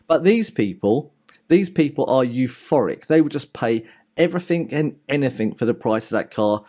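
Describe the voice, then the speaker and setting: A man giving casual market commentary to his viewers, animated and direct, explaining ideas with everyday analogies. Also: medium pitch, normal speed.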